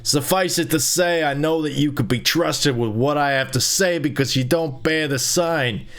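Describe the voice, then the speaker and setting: A man's voice: a little high, normal speed, a bit bright, pitched above the performer's own voice. A man voicing a stern, secretive male stranger hidden behind a door, with a put-on accent and a curt, commanding delivery, while reading game text aloud.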